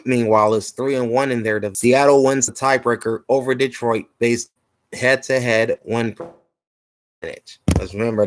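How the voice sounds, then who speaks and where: A man's voice: medium pitch, no echo, low-quality recording. A man hosting a sports show, steadily reading playoff standings and stats and sounding slightly tired. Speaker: host.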